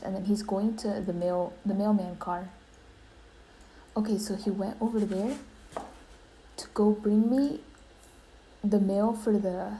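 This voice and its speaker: A woman's voice: medium pitch, fairly even intonation, a little slow, pauses often, mellow, a little hiss or hum, low-quality recording. A young woman giving dramatic, half-whispered commentary while playing a life-simulation game. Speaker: gaming YouTuber.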